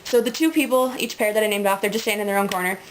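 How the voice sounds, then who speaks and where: A woman's voice: medium pitch, racing, a little hiss or hum, poor audio. A woman in a casual, rambling webcam monologue, full of ums and likes, often breaking into giggles. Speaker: vlogger.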